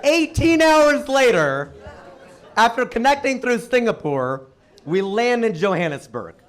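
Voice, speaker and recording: Man, American accent, stand-up comedian, high voice, very lively pitch. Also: a little slow, some chatter behind. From United States. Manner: animated, rising to exclaim punchlines. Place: comedy stage before a live audience.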